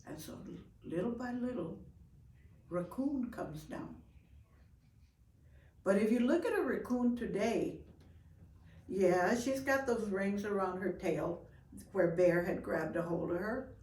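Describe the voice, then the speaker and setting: An older woman telling a folk story in a lively, expressive way, with gasps for effect. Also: medium pitch, slow pace, long pauses. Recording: roomy, from far off.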